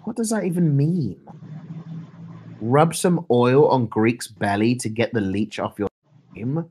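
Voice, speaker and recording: A young male streamer chats loosely with his viewers in an average-pitched voice. He mumbles through his sentences, and reads messages aloud in a relaxed, offhand way. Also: measured pace, a little hiss or hum. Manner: laid-back, mumbling, reads chat aloud. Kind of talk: casual live-stream chat.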